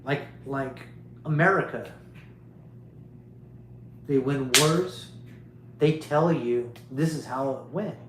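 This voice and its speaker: A man's voice: mid-range voice, slow pace, pauses often, reverberant, noisy background. A man hosting a livestream, delivering a rambling, preachy monologue to his viewers and repeating his points emphatically. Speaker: livestream host.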